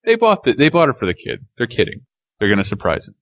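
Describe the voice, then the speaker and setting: A man's voice: mid-range voice, wildly swooping pitch, fast talker, no echo. A man hosting a podcast, chatting casually about TV clips, laughing often as he tells the story. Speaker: podcast host.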